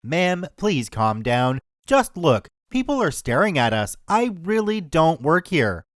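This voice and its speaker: A man voicing a big, gentle man who talks softly and calmly. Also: fairly high pitch, normal speed, no room sound, clean studio sound. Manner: soft, calm, soothing.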